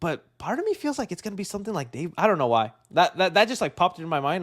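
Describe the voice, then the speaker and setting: Young man, high voice, casual live-stream chat, rambling, excitable, laughs often. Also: fast. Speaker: livestream host.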